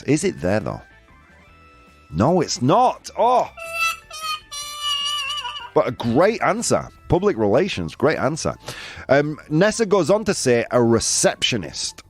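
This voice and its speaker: A man with a lively, bouncing voice hosts a quiz game with his viewers. He reads out their answers, teases and laughs as he goes. Faint music plays quietly under him. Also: medium pitch. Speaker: host. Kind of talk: live-stream game show with chat.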